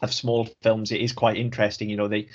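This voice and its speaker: A man's voice: on the low side, level tone, fast talker. A Welsh man co-hosting a podcast, talking frankly with a lot of swearing and easy laughter. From Wales. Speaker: podcast co-host. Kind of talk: casual podcast chat. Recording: slightly dull lo-fi audio.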